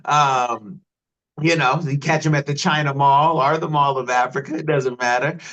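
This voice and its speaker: A man's voice: medium pitch, fairly even intonation, normal speed, sharp tone, highs cut off. A man from the United States hosting a podcast interview, joking and rambling, often stumbling over his words. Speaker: podcast host. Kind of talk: interview conversation.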